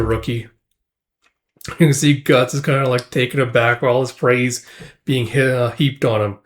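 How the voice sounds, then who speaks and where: Male comic recap host, casual, rambling narration. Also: mid-range voice. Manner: rambling, says "it's like" and "you see" often.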